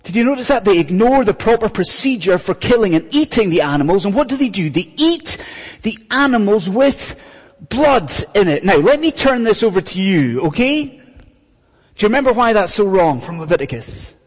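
A male preacher giving a sermon, firing rhetorical questions at the congregation and dropping to a hushed whisper for emphasis. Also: sits high, moderate pace, slightly rough. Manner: animated, asks the congregation many rhetorical questions. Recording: long hall reverb.

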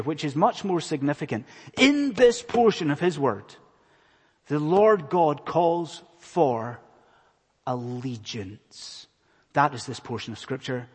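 Scottish male preacher, earnest sermon delivery, slightly husky and higher voice, long hall echo. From Scotland. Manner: earnest, questioning the congregation, swings between loud emphasis and hushed lines. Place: church in a large hall.

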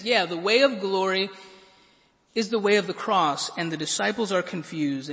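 A man's voice: high voice, fairly bright tone. A man preaching a sermon, earnest and stammering into repeated words, then rising to emphatic peaks. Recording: long reverb of a large hall.

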